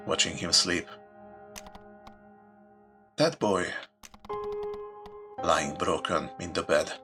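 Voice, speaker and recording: A man with a very deep, gravelly voice reads a story game aloud in a slow, unhurried way, adding dry remarks of his own. His pitch moves up and down a lot, and music plays clearly behind him. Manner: dramatic reading with dry asides. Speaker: let's play host. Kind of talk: reading a visual novel aloud with commentary.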